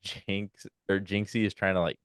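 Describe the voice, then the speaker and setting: A young man co-hosting a casual podcast, telling animated stories and acting out quotes in high loud voices. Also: moderate pace, no echo, studio quality. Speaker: podcast co-host. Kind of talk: casual chat.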